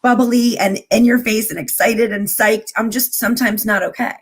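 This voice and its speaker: A woman's voice: fairly high pitch, steady tone, normal speed, slightly rough. A woman guest in a casual chat, talking openly and rambling through thoughts. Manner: open, rambling, with many fillers and restarts.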